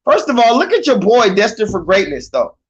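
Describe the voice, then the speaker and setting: A man hosting a livestream, talking loudly and animatedly in a casual rant, often restarting his sentences. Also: high-pitched, fairly quick, breathy edge. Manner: loud, animated, talks over himself with restarts. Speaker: livestream host. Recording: slightly dull lo-fi stream audio.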